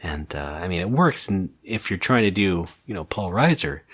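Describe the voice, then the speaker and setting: A man co-hosting a podcast in casual chat, with dry, deadpan jokes. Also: sits low, normal speed, breathy edge. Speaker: podcast co-host.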